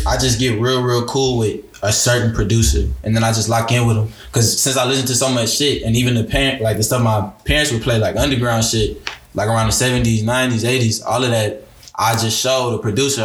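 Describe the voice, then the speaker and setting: Young man, around twenty, casual slang, rambling restarts, roomy echo, middle pitch. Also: fairly even intonation, fairly quick, fairly bright tone, a little hiss or hum. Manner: laid-back slang, rambling with many restarts. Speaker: guest musician. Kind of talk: casual podcast interview.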